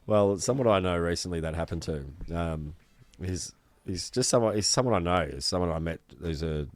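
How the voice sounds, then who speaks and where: A man telling a story in casual chat, rambling and halting with many restarts. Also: sits low, dry recording.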